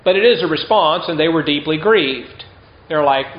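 A man's voice: on the high side, moderate pace. A man preaching a sermon in a conversational way, often throwing rhetorical questions to the listeners. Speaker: pastor. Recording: roomy, dull lo-fi sound.

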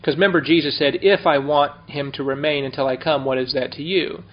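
Male Bible teacher, slightly high voice, chatty verse-by-verse style, muffled lo-fi sound. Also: steady tone, a little fast. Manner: conversational, explains and asks the class. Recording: dull lo-fi recording.

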